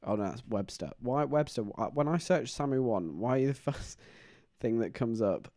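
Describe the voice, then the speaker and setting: A man chatting on a live stream, his pitch bouncing up and down as he rambles through stories. His voice sits in the middle of the range. The sound is dry and close, with no room echo. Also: moderate pace. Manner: rambling, animated storytelling with frequent laughs. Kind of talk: casual live-stream chat.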